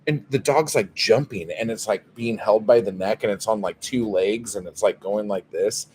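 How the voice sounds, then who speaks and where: A man's voice: fairly low pitch, fairly even intonation, normal speed, darkish tone, slight background noise. A man hosting a casual livestream, telling a story in a profane, exasperated way. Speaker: livestream host. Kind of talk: casual livestream chat, reading viewer comments.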